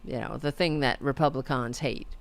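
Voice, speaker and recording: A woman's voice: very deep voice, moderate pace. A woman hosting a podcast, giving casual political commentary in a sarcastic, mocking way and swearing freely. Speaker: podcast host.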